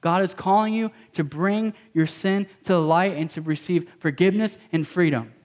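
A man's voice: sits high, normal speed, darkish tone. A man preaching a sermon as a pastor, emphatic and repetitive, mixing in casual slang.

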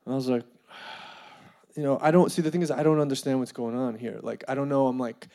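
A man telling a funny personal story in an animated way, full of fillers and laughing as he goes. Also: medium pitch, fairly quick. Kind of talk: comedic storytelling.

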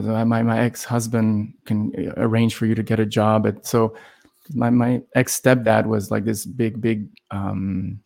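A man from Los Angeles, a podcast guest telling a personal story in a lively conversational way, full of "like" and "you know" fillers and acted-out quotes. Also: on the low side, unhurried, gravelly. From Los Angeles, USA. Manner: animated, acts out quoted voices, heavy "like" and "you know" fillers.

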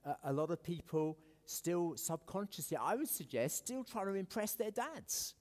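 A man's voice: sits high, sing-song, moderate pace, a little mellow. A man with an English accent preaching a sermon in a conversational, self-deprecating way, with many fillers and restarts. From South Africa. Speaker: pastor. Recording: echoey hall with long reverb.

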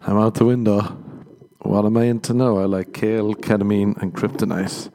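A man's voice: fairly low pitch, fairly even intonation, moderate pace, warm tone. An Irish man hosting a podcast, telling a comedic monologue in a sardonic, self-mocking way and laughing often. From Ireland. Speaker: podcast host.

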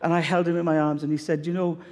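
A man's voice: a little high, flat delivery, fast, long reverb tail. A middle-aged male pastor preaching a sermon, telling stories emphatically and challenging the congregation with rhetorical questions.

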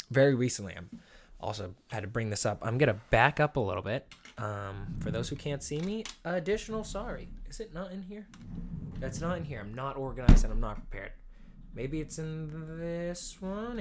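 Rambling, profane young man telling stories. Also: medium pitch. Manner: rambling, profane, self-deprecating, laughs often. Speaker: podcast host. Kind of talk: casual comic storytelling.

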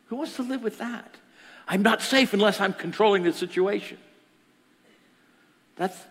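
A man preaching a sermon as pastor, animated, swinging between loud lines and whispers. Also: a little high. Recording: echoey hall.

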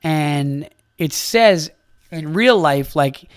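A man's voice: on the high side, lively intonation, very slow, clear, resonant tone, dry recording, clean studio sound. A man from upstate New York hosting a comedy podcast in casual chat, rambling and profane, with lots of fillers.

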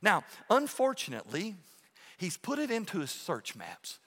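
A man's voice: sits high, huge pitch swings, normal speed, sharp tone, husky, long reverb tail. A male pastor preaching a sermon in a church in a conversational way, often checking in with "okay?" and restarting phrases. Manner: frequent restarts and repeated words. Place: church sanctuary.

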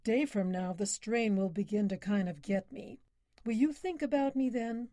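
A young racing driver speaks earnestly and to the point, as a woman reads his part. Her voice stays near its own middle pitch, and the sound is dry and close, like a storybook read at the mic. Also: moderate pace, dark tone, no echo, natural voice.

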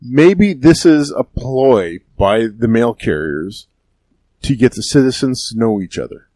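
A man's voice: mid-range voice, expressive, a little slow, a little mellow, no echo. Guy on a podcast, takes his time, dry teasing jokes, dry close mic. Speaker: podcast co-host. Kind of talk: casual podcast chat.

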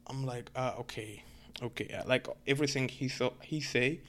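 A man's voice: mid-range voice, moderate pace, fairly bright tone. A man from Egypt with an Egyptian accent, speaking English as a second language and telling a rambling story, full of fillers and swearing. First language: Arabic. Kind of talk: casual storytelling rant.

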